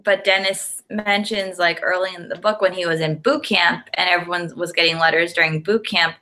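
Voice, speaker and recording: A woman's voice: on the low side, fairly even intonation, moderate pace, pushed and bright. Giggly woman podcast co-host. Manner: giggly, lots of "like" fillers. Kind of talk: casual chat.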